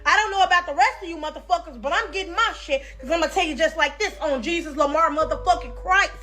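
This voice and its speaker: High-voiced woman cursing slowly. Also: bright, forceful tone. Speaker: person in a viral clip. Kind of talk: mocking rant.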